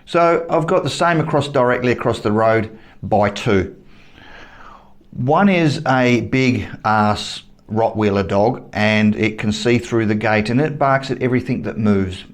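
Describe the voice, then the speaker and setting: Australian bloke, mid-pitch voice, ranting to camera, heated, profane and repetitive. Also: male voice, measured pace. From Western Australia. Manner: heated, blunt and profane, repeats himself for emphasis. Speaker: vlogger. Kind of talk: angry opinion rant to camera.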